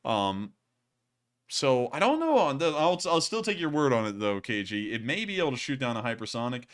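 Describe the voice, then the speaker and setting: A man's voice: mid-range voice, big pitch swings, brisk. A man hosting a casual livestream, answering viewer comments in a rambling way with lots of fillers and chuckles. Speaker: livestream host.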